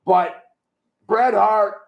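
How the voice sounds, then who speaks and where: Speaking extremely slowly in a high, steady voice with vocal fry, an older former wrestler tells rambling, crude, frank stories as a shoot-interview guest. The recording has a lo-fi quality.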